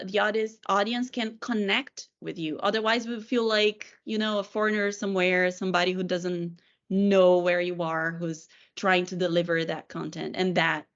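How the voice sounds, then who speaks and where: A chatty woman from Brazil speaks, her voice sitting a little low. She acts out quoted remarks in a loose podcast chat. The audio is slightly muffled. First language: Portuguese. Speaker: PR professional, former journalist. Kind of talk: casual podcast discussion.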